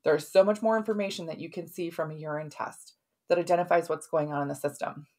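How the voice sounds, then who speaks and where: Her voice is low-pitched and darkish, with fairly even intonation, and she talks fast. A middle-aged woman who hosts a podcast and works as a health practitioner, she tells a client's story in an easygoing, conversational manner, often closing sentences with "right?".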